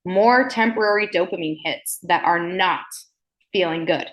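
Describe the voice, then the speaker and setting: A woman hosting a self-help podcast, talking deliberately slowly and emphatically, frank and playful, often checking in with "okay?" and swearing casually. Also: on the low side, a bit bright. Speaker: podcast host.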